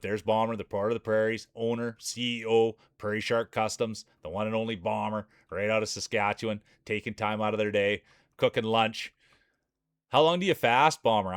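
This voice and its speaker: A man streaming live commentary on a marble race, with energetic, joking hype-man banter. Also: lowish voice, clean tone, no echo, studio quality.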